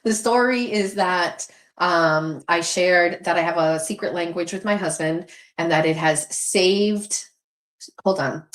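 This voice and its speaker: A woman's voice: lowish voice, measured pace. Chatty, swearing woman host in an echoey room. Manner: candid, chatty, swears freely. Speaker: livestream host. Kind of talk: casual livestream chat reading viewer comments. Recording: roomy echo.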